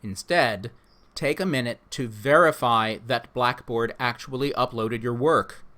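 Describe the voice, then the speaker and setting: A man, the instructor, reading a scripted orientation for his online course in a measured, instructive way. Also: mid-range voice, bright, forceful tone.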